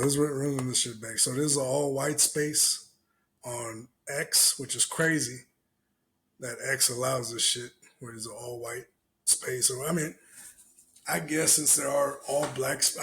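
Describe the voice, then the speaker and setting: A man's voice: medium pitch, steady tone, a little slow, vocal fry, fairly bright tone, slight background noise. A man hosting a podcast, giving loose, profane, laughing reaction commentary on clips. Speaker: podcast host.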